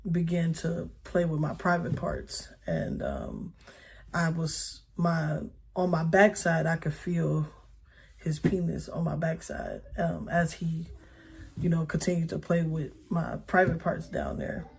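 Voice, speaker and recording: A woman in her thirties giving a personal testimony, speaking haltingly with many pauses and fillers. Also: sits low, sing-song, gravelly, a little mellow, husky. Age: 30s.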